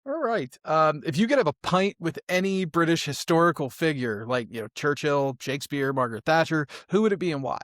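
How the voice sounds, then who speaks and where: A man hosting a podcast interview, easygoing, with quick laughs as he asks his questions. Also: on the high side, expressive, fairly bright tone, no echo, studio quality. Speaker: podcast host.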